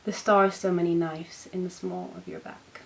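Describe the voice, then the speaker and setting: A young woman hosting a book channel, reading poems aloud in an expressive, self-mocking way. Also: fairly low pitch, moderate pace, vocal fry, low-quality recording. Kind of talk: poetry reading.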